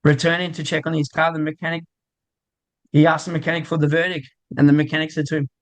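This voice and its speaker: A man's voice: a little high, little pitch movement, fast talker, poor audio. A man giving football tips and telling a short gag in easygoing studio banter. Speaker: football tipster. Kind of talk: casual pre-game banter.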